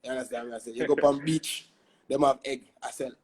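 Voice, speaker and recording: Casting note: young Jamaican man, husky tone, animated storytelling guest, peppers talk with tag questions. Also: mid-range voice, fast talker. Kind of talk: casual interview chat.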